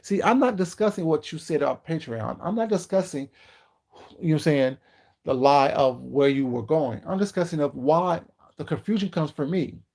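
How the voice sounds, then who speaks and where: Brief: male live-stream commentator, sassy and emphatic, slightly high voice, hammers points with slow rhetorical questions. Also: animated, gravelly, a little mellow.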